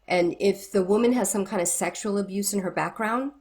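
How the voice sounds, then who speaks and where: A woman's voice: medium pitch, a little fast. A middle-aged woman, a guest who ministers to married couples, telling stories in a conversational interview and acting out the conversations she quotes. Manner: animated, acts out quoted conversations.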